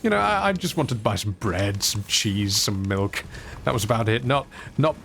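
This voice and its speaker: A man streams a video game, reacting aloud to the play and telling rambling, self-mocking stories with lively humour. His voice is fairly low and gravelly at a normal pace, with slight background noise behind it.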